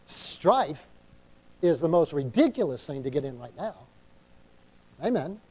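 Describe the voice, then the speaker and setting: A man's voice: fairly high pitch, sing-song, measured pace, a little mellow, husky. A man preaching a sermon as pastor, emphatic and calling for amens, acting out little inner dialogues, with a New England accent. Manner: acts out quoted inner dialogue.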